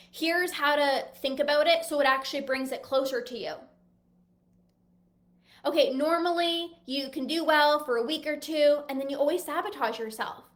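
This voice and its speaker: A woman's voice: high-pitched, a bit bright. A woman coach talking straight to her viewers, enthusiastic and emphatic, now and then acting out her clients' worried thoughts. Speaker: binge eating coach. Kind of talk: direct-to-camera pitch.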